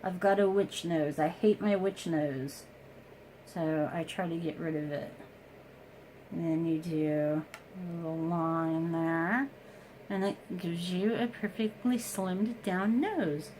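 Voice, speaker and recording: A woman's voice: fairly low pitch, takes it slowly, a little mellow, a little hiss or hum, poor audio. A woman chatting casually through a makeup tutorial at home, explaining each step and joking about herself. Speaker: beauty vlogger.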